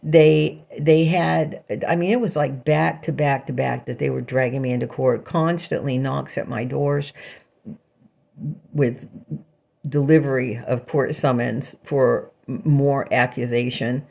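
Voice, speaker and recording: A woman's voice: rumbling low, steady tone, a little slow, vocal fry, warm tone. A woman vlogging alone in a rambling personal monologue, bitter and sarcastic, breaking into short laughs between remarks.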